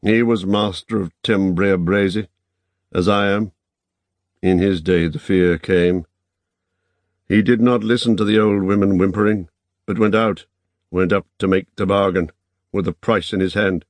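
A man voicing a grave, desperate old lord with a withered hand, speaking in a hushed, intense way. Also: low-pitched, steady tone, measured pace, pauses often, no room sound. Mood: solemn.

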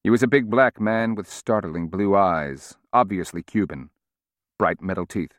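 A man reading a novel aloud in a measured, steady audiobook narration. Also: low-pitched, no room sound, clean studio sound.

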